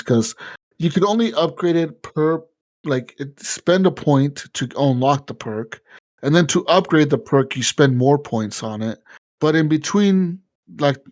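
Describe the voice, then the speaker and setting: Profane, animated man telling gaming stories. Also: a little high. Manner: animated, profane storytelling, acts out game dialogue. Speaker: podcast co-host. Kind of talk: casual gaming chat.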